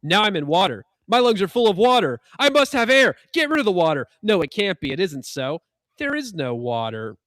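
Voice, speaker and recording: A man's voice: a little high, big pitch swings, a little fast, fairly bright tone, no room sound. A man voicing a nervous astral traveler who tells his ordeal in breathless, defiant first person. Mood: panicked.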